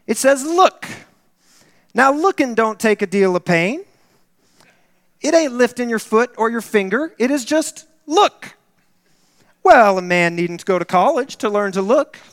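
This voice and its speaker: A man's voice: extremely high pitch, lively intonation, measured pace, pauses often, fairly bright tone, studio quality, pitched above the performer's own voice, heavily acted. A man voicing a plain-spoken, fervent male lay preacher who pleads urgently and repeats his words. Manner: impassioned and emphatic, repeating words. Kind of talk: acted quote within a sermon. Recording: reverberant hall.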